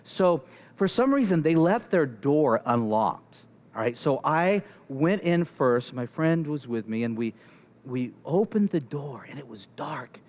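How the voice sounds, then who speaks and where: A young man delivering a sermon in an animated storytelling manner, his voice sitting notably high for a man. He acts out the conversations in his story. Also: unhurried. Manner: animated, acts out characters and dialogue. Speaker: pastor.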